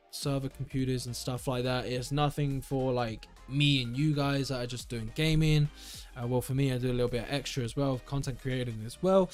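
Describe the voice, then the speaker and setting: A young man chatting casually on a live stream, rambling and correcting himself as he browses tech deals at home. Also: on the high side. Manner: rambling, self-correcting, enthusiastic. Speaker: tech livestreamer.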